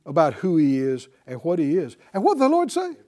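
Man preaching loud and animated, high voice that leaps all over, quick back and forth with the crowd. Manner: animated, call-and-response, acts out quoted voices. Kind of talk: lively sermon.

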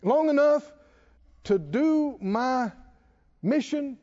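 A man preaching a sermon with animated delivery, repeating phrases and quoting scripture. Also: very high-pitched, very slow, lo-fi sound. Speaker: pastor.

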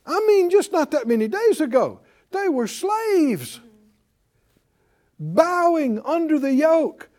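Male Bible teacher, high and very lively pitch, unhurried delivery, dramatic loud-soft swings. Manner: calls out to the class for responses. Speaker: preacher teaching a Bible class.

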